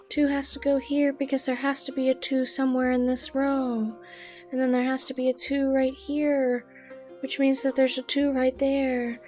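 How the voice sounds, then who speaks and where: A woman's voice: high-pitched, flat delivery, slow, long pauses, a little mellow. Lady streamer talking herself thru a puzzle, kinda exasperated, faint music. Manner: thinks aloud, muttering and exasperated. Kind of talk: live game commentary. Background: background music.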